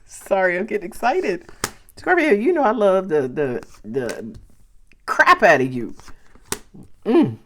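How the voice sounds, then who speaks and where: A woman giving a casual tarot reading to camera, chatty and excitable, swearing freely and laughing often. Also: mid-range voice, unhurried, a little hiss or hum. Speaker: tarot reader.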